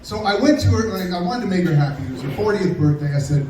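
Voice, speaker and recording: A middle-aged male comedian delivers a stand-up set in a sarcastic, deadpan tone. His voice sits a bit high for a man. He is picked up from a distance in a very echoey club room with faint noise behind. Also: fast talker, hardly any pauses. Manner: sarcastic, deadpan storytelling with crowd work.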